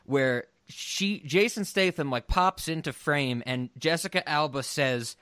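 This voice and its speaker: Male co-host, slightly high voice, playful and giggly, casual movie chat in a dry booth. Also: unhurried, few pauses, sharp tone, no echo. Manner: jokey, laughs often while talking. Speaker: podcast co-host.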